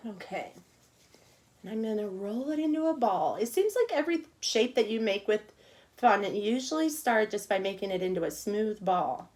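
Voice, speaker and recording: A woman's voice: medium pitch, animated, normal speed, slight background noise. Chatty woman teaching a cupcake class. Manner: chatty, talks to herself while working, soft murmurs. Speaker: cake decorating teacher. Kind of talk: casual online class demonstration.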